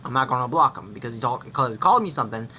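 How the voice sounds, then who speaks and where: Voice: mid-range voice, expressive, rapid-fire, bright, forceful tone, a little hiss or hum. A young adult gaming vlogger telling personal stories to the camera, rambling and blunt, with frequent restarts and self-corrections and casual swearing. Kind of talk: candid personal storytelling to camera.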